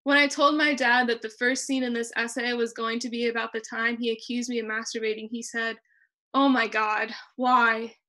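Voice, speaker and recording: Bright-voiced young woman reading her essay. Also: on the high side. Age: young adult. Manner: measured, expressive reading. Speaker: student reader. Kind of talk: reading a personal essay aloud. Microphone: video call.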